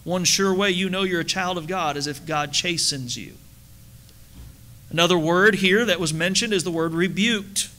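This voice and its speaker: A middle-aged man preaching from the pulpit, his voice sitting a little high with a bright, forceful edge. He keeps it conversational, throwing questions and jokes to the congregation. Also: moderate pace. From United States. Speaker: pastor. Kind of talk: sermon. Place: church sanctuary.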